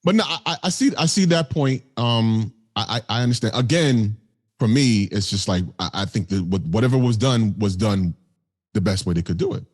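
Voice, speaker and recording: Low-voiced laid-back man co-host. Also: animated, normal speed, a little mellow. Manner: laid-back, joking, slangy. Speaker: podcast co-host. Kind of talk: casual chat.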